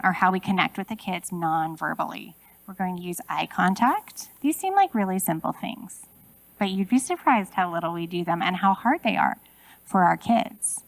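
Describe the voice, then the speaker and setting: A woman's voice: mid-range voice, no echo, poor audio. A woman in her forties giving a conversational keynote talk, asking her audience many rhetorical questions. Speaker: keynote speaker. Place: conference room.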